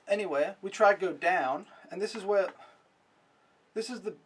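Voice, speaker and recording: A man's voice: high voice, normal speed, pauses often, breathy edge, recorded from a distance. A young man vlogging a casual, rambling recap, mocking himself and swearing freely.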